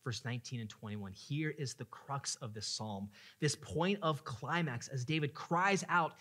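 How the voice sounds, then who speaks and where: A male pastor preaching a sermon, dropping to hushed tones and rising into loud, impassioned pleading. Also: mid-range voice, unhurried.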